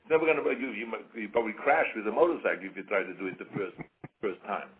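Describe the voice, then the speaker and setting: A man with a fairly low voice talks fast as an interview guest, with slight background noise. His delivery is casual and emphatic: points get repeated over and over, and he mimics the voices he quotes. The recording has a tinny, radio-phone quality.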